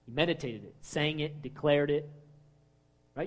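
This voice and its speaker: A man preaching a sermon in a conversational way, acting out quoted voices and swinging between loud lines and hushed ones. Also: on the high side, moderate pace. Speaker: pastor.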